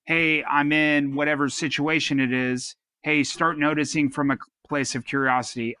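A man with a bright, forceful voice, recorded dry and close, talks through advice on a casual podcast. He is earnest and rambles, restarting his sentences often. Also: on the high side, steady tone, moderate pace, hardly any pauses, clear, resonant tone, no echo. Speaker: podcast co-host. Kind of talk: casual advice-giving talk.

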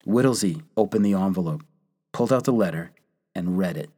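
A man narrating a history story in a measured, scripted way, lifting his voice for quoted lines. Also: low-pitched, mellow, slightly rough.

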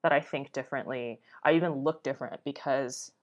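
A young woman, a travel blogger, chatting casually as a podcast guest, full of fillers and quick to laugh. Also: very deep voice, steady tone. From United States. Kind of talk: casual conversation.

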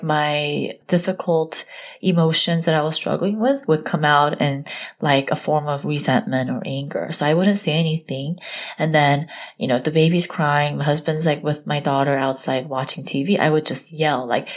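A young woman with a low voice talks straight to her viewers like a friend, open and confiding. Her speech is loose and chatty, packed with "like" and "you know" as she tells her own story. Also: moderate pace. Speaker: mom vlogger. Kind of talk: personal storytime to camera.

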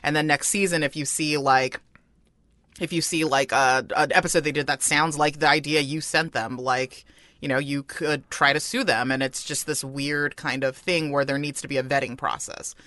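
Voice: medium pitch, steady tone, normal speed, pushed and bright, no echo. A podcast co-host in casual chat, explaining loosely with lots of fillers.

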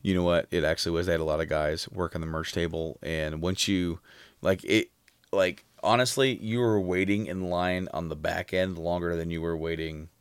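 A man's voice: sits low, steady tone, moderate pace, clear, resonant tone, dry recording. A man in casual chat, recounting concert memories in a rambling way with many fillers.

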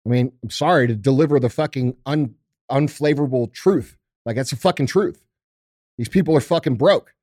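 A man's voice: medium pitch, brisk, warm tone, dry recording, clean studio sound. A man hosting a podcast in casual chat, blunt and heavy on swearing, ranting with motivational conviction. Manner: blunt, profane and emphatic. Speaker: podcast host.

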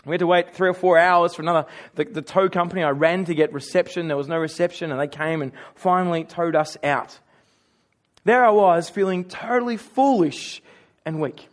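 An Australian man preaching with a notably high voice. He speaks in a relaxed, chatty way and pokes fun at himself as he tells stories from the pulpit. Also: fairly quick. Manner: conversational storytelling with self-mocking humor. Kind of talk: sermon.

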